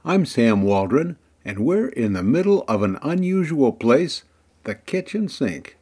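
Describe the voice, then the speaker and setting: A man's voice: mid-range voice, big pitch swings, a little slow, mellow, slightly rough. A man hosting a music radio show, chatty and playfully building suspense before each record. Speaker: radio host.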